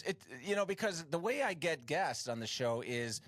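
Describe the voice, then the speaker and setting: A man's voice: on the high side, sing-song, moderate pace, a bit bright. A man hosting a casual comedy interview show, rambling with frequent restarts and self-deprecating jokes. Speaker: host.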